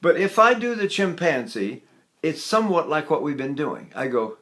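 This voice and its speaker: An older man teaching vocal technique, with a slightly high voice for a man. He talks in a folksy, demonstrative way and stops now and then to sing vowels as examples. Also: big pitch swings, normal speed, a bit bright. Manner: folksy, demonstrative, sings sample vowels and laughs between points.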